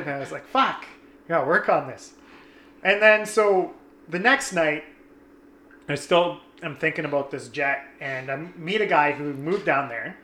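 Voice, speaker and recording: A young man telling a story in casual chat, animated and swearing, acting out his friends' lines. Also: on the high side, normal speed, roomy sound.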